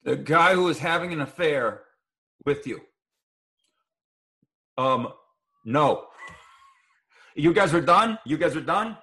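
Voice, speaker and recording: A man's voice: a little high, lively intonation, slow pace, long pauses, pushed and bright. A man talking as a guest in casual comedic chat, wry and blunt.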